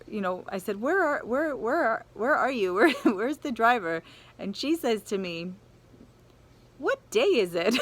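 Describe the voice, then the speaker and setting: A woman's voice: medium pitch, fairly bright tone. A woman telling a personal travel story, laughing often and acting out the people she quotes.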